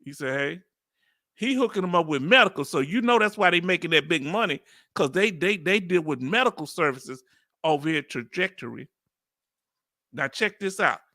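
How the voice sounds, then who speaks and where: A man with a Southern accent hosting a reaction video, talking casually in a playful, animated way and laughing often. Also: on the high side, normal speed, dry recording, clean studio sound. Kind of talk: casual live reaction commentary.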